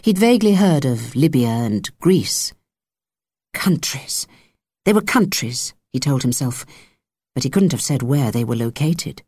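A woman narrating an audiobook in a measured, even storytelling manner on a close studio mic. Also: rumbling low, slightly rough, no echo. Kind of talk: scripted narration.

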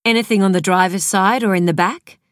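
A woman's voice: mid-range voice, a little fast, no room sound, clean studio sound, natural voice. A woman reading an audiobook, voicing a female detective who asks direct, probing questions. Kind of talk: audiobook character voice.

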